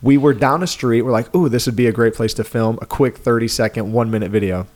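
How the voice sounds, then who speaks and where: A middle-aged man talks in a New York accent at a medium pitch. He co-hosts a podcast and tells stories in a loose, joking way, with animated asides. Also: quick pace. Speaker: podcast co-host. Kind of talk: casual chat.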